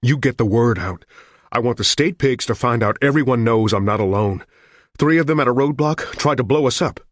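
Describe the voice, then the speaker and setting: A man's voice: mid-range voice, a little fast, dry recording, studio quality, voice pushed up, natural voice. A man doing a wounded, snarling fugitive. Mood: threatening. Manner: hard, threatening and terse. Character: wounded desperate male fugitive on the run.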